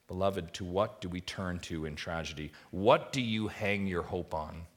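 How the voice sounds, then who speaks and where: A male pastor with a fairly low voice delivers a sermon. He swings from hushed, reflective passages to rising, emphatic appeals, pressing his listeners with repeated rhetorical questions. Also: normal speed, few pauses.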